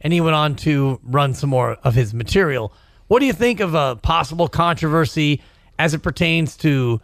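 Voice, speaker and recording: Higher-voiced male sports host. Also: lively intonation, moderate pace, dry recording. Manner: conversational, reads quotes aloud with dry asides. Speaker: sports talk show host. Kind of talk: casual sports talk.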